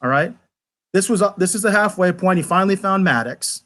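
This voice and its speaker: A man talking through an episode review in a loose, rambling way, often catching on repeated words before pressing on. His voice sits a little high for a man, and his critique is animated and exasperated. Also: brisk. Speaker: podcast reviewer. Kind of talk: casual review chat.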